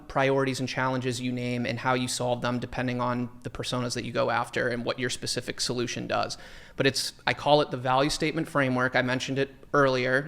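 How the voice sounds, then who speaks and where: A man giving sales advice in a conversational podcast, animated and acting out sample sales lines. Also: medium pitch. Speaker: sales trainer guest.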